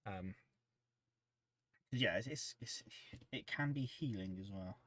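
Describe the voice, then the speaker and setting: A man with a fairly low voice, chatting in a relaxed, rambling way through a livestream. His voice sits dry and close on the mic, with no room sound around it. He talks with plenty of easy pauses. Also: no room sound. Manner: rambling and easygoing, reading chat aloud. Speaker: livestream host. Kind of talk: casual livestream chat.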